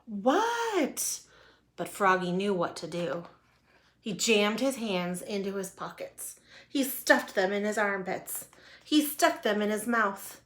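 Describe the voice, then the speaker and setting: A woman reads a children's picture book aloud, taking her time and leaning into every word with lively expression. Her voice sits at an ordinary pitch for a woman. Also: measured pace. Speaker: storyteller. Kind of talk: children's storybook read-aloud.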